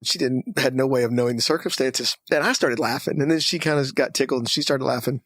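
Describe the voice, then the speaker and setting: A man's voice: medium pitch, fast, slightly rough, dry recording. A man from Texas, a podcast guest, telling a personal story and acting out the voices of the people in it. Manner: animated storyteller who acts out dialogue.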